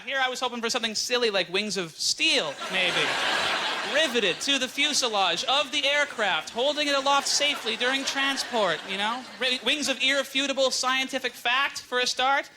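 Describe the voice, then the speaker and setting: A man's voice: very high-pitched, background noise. A man in his thirties doing a stand-up comedy set on a club stage, talking animatedly and acting out other people's voices. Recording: live club recording, loud audience laughter.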